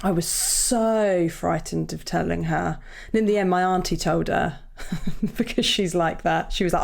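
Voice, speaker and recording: Woman host, mid-pitched, encouraging, laughs often in casual chat. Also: normal speed, vocal fry.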